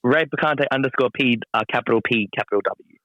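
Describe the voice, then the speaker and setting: A man's voice: medium pitch, brisk, a bit bright, dry recording, highs cut off. A man, a pro wrestler as guest, talking casually with dry, self-deprecating humor. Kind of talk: casual interview chat.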